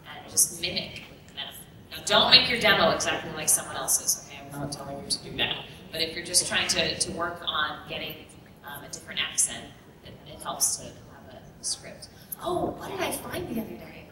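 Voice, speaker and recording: A woman's voice: sits low, animated, brisk, a crowd in the background. A woman voice actress speaking casually on a convention panel, chatty and rambling. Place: large convention room. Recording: echoey hall recording from far off. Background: room ambience.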